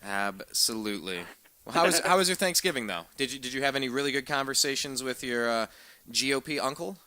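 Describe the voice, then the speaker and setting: A man's voice: medium pitch, a little fast, sharp tone, no echo. A man hosting a political talk show, upbeat and joking with a sarcastic edge. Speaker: host.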